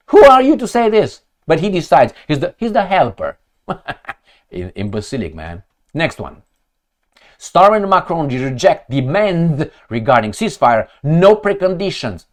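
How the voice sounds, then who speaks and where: A man who reads news headlines aloud and reacts to them with sarcastic, heated mockery. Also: fairly high pitch. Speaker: political commentator.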